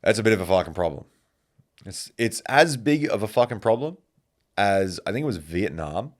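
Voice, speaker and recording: A man hosting a podcast, telling stories in a casual, animated monologue and swearing freely. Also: fairly low pitch, moderate pace. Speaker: podcast host.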